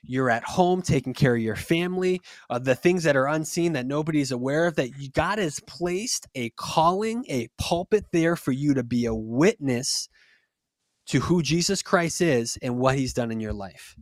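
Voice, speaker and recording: A man's voice: on the high side, lively intonation, moderate pace, no room sound, studio quality. A young man hosting a faith podcast, talking in an earnest, encouraging, preachy way, with frequent restarts. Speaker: podcast host. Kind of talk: casual faith podcast talk.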